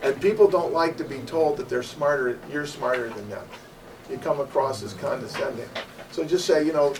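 A man's voice: on the high side, animated, moderate pace. A man preaching on evangelism, telling a personal story, acting out both sides of a conversation and asking his listeners questions. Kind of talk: sermon with acted-out anecdotes. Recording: distant mic with faint room noise.

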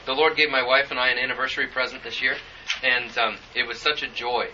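Male preacher, earnest and halting, very bright tone, muffled church recording. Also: medium pitch, little pitch movement, far from the mic, a little hiss or hum. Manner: earnest, halting storytelling with many fillers. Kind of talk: sermon with personal story.

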